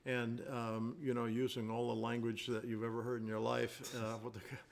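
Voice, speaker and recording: Chatting as co-host on a casual podcast, an older basketball coach tells long, rambling stories while hunting for the right words. He speaks at a normal speed in a creaky, mid-range voice, his delivery completely flat.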